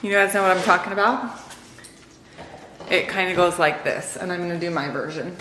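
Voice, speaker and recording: Sex: woman. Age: middle-aged. Style: casual vlog storytelling, chatty and rambling. Pitch: slightly low. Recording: roomy, with faint background noise. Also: brisk, long pauses, bright, forceful tone. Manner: chatty, rambling, with many fillers. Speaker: family vlogger.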